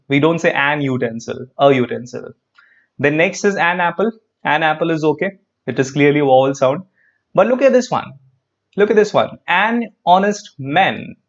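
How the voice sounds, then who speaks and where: A man's voice: on the high side, highs cut off. Man teaching grammar in a live class. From India. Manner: repeats phrases, asks students questions. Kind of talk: live online grammar lesson.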